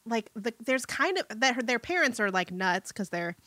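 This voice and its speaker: A woman talks casually through a movie she watched. Her voice is bright and clear, and she laughs often and restarts her sentences. The sound is dry and close, with no room around it. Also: a little high, big pitch swings, normal speed, no room sound. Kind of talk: casual chat about a movie.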